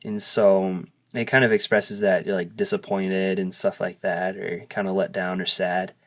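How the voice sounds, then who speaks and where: A man's voice: low-pitched, little pitch movement. A man who speaks English as his first language gives a casual video lesson, patiently explaining and sounding out vowels. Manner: slow, patient explaining, modelling sounds aloud. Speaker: language teacher.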